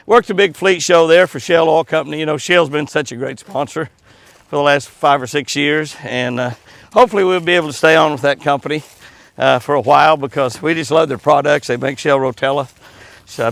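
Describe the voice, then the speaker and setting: A folksy man with a gravelly, slightly high voice talks casually as he walks through the woods. He chuckles often and coos softly to his dogs between stories. The sound is close and dry. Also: no echo. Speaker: host. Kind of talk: casual outdoor chat to camera. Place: outdoors, walking in the woods.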